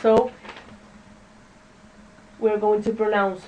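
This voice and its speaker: Woman, teacher, classroom lesson, halting drills, distant mic, faint noise. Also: on the high side, darkish tone, muffled recording. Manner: slow, halting, checks in with "okay?" and has the class repeat words. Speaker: English teacher.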